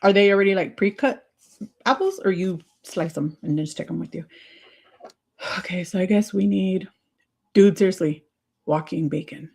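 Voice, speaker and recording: A woman hosting a casual livestream, chatty and excitable, laughing often as she answers viewer comments. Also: lowish voice, normal speed, vocal fry, pauses often, slightly rough. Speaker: livestream host.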